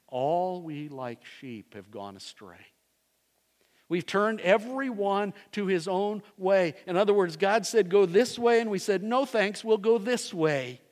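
A man preaching a sermon as pastor, swinging between loud emphasis and hushed, low phrases. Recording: long hall reverb.

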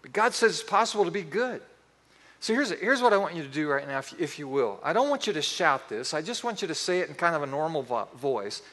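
A middle-aged man preaching a sermon, telling animated stories with acted-out quotes. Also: a little high, brisk, big-room sound. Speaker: pastor.

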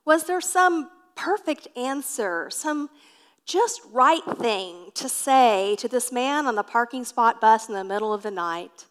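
A woman's voice: on the high side, animated, unhurried. A woman pastor, preaching a sermon as a personal story and speaking to the congregation as friends. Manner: storytelling, addresses listeners as friends.

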